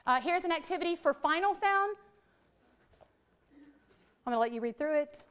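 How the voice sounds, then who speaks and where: A woman's voice: high-pitched, expressive, moderate pace, fairly bright tone. A woman leads a workshop for teachers. She talks playfully, jokes with the room and draws out single speech sounds. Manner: playful, joking with the audience, drawing out sounds. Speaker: literacy trainer presenting to teachers. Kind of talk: live workshop presentation. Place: training room with a live audience.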